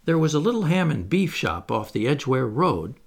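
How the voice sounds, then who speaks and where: A man's voice: mid-range voice, big pitch swings, normal speed, vocal fry. A man reading the part of a plain-spoken young kitchen maid in a play. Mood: homely.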